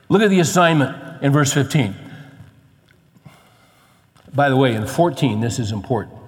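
A man's voice: expressive, moderate pace, long pauses. Man preaching in a reverberant church. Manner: conversational, rising to emphatic urging, with quoted scripture read low. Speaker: pastor. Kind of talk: sermon.

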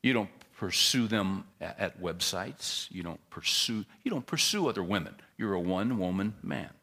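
A man preaching a sermon as a pastor, telling stories with emphatic bursts and quiet asides. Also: low-pitched, normal speed. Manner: animated storyteller, swings from loud emphasis to quiet asides.

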